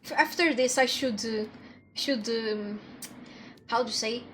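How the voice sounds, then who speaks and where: A woman's voice: fairly high pitch, slow pace, a bit bright, a little hiss or hum. A woman streaming a game, chatting playfully with her viewers and swearing often. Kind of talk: casual game-stream chat. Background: faint background music.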